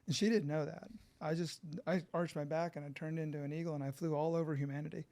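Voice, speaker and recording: A middle-aged man from California, appearing as a podcast guest, tells his story animatedly and profanely while acting out quotes. He talks quickly in a slightly high voice.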